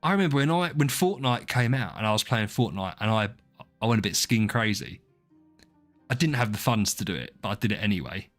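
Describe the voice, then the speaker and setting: A man's voice: lowish voice, lively intonation, brisk. A man, live-streaming and chatting casually to his viewers, rambling and joking about himself. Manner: rambling, self-deprecating, talks to chat by name. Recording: faint music behind.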